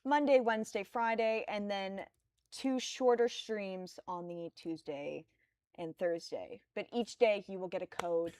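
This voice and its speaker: A woman co-hosting a live stream in casual chat, briskly laying out plans step by step. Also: mid-range voice, a little mellow. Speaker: stream co-host.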